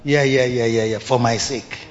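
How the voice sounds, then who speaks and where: A preacher voicing Jesus, speaking lower and softly, gently reassuring. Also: male voice, steady tone, normal speed, highs cut off, slight background noise, lightly acted. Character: calm, fond divine man speaking gently.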